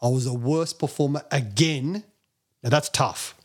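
A man with a husky voice, a podcast guest sharing his story. He is animated and self-deprecating, and he slips into other people's voices as he tells it. His pitch sits in the middle of the usual range for a man. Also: a little slow. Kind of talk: storytelling interview talk.

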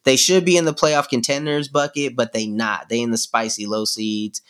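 A man's voice: medium pitch, level tone, moderate pace, fairly bright tone, clear, resonant tone. A man co-hosting a sports podcast, talking loosely and profanely with lots of slang and fillers. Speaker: podcast co-host. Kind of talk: casual sports chat.

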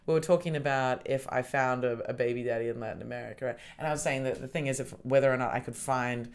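A woman's voice: very deep voice, fast, clear, resonant tone. Chatty young woman podcast host. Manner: laughs often, chatty and animated. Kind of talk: casual chat.

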